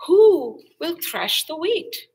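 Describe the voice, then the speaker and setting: A woman voicing the Little Red Hen, high and calling. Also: very animated, drawn-out words, fairly bright tone, exaggerated voice. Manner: calling out with raised, hopeful pitch.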